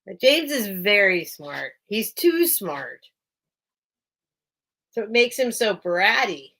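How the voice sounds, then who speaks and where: A woman's voice: mid-range voice, very animated, slow, a bit bright. A woman hosting a casual live-stream sale from a small room at home, chatty and easily distracted, laughing often. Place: small room at home with a towel under the door.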